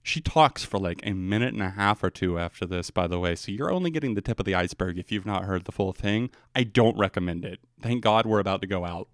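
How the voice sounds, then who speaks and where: A man's voice: low voice, quick pace, few pauses, dry recording, clean studio sound. A man streaming live music reactions, tipsy from drinking, sarcastic and profane with theatrical outrage.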